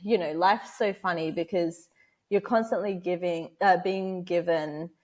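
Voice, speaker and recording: A woman's voice: lowish voice, steady tone, unhurried. A woman in her thirties, a podcast guest, chatting casually and laughing often as she acts out the people in her story. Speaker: podcast guest, motherhood educator.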